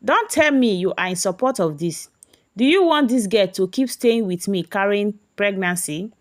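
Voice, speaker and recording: A woman's voice: mid-range voice, expressive, normal speed, lightly acted. A woman voicing a furious middle-aged mother who roars her accusations. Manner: shouting, accusing.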